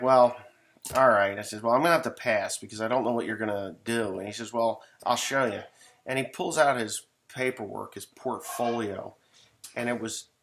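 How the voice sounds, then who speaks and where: A man's voice: fairly low pitch, vocal fry, a bit bright, a little hiss or hum. A middle-aged man, a farmer, telling a rambling, folksy story in casual talk, swearing now and then.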